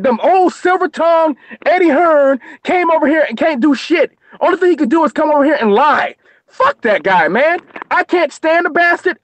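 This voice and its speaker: A man's voice: very high voice, a bit bright, no echo. An American man co-hosting a boxing live stream, ranting angrily and cursing nonstop. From United States. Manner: profane, angry, ranting. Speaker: co-host on a boxing show. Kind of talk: heated live-stream rant.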